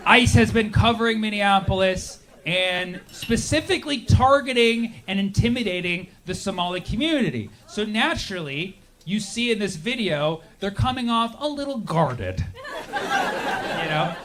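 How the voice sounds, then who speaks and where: A man's voice: high-pitched, big pitch swings, normal speed, fairly bright tone, slight background noise. A man performing a sarcastic stand-up comedy set, acting out the people he quotes. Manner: sarcastic, acts out quoted voices.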